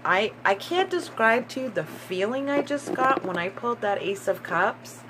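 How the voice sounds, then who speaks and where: A woman giving a tarot reading in a slow, musing way, repeating herself and breaking into excited bursts. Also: a little high, noisy background. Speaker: tarot reader.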